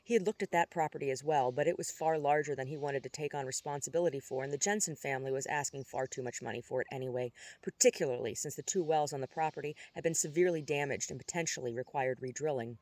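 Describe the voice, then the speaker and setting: A man narrating a novel in a steady, even audiobook reading. His voice sits slightly high, with small stumbles now and then. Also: fast talker, hardly any pauses, dry recording.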